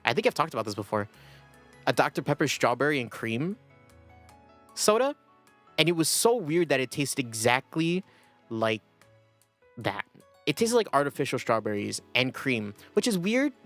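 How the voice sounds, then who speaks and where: A man's voice: mid-range voice, sing-song, moderate pace, pauses often, fairly bright tone, faint music behind. A young man chatting casually on a livestream, rambling and self-deprecating, often breaking into laughter. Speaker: streamer.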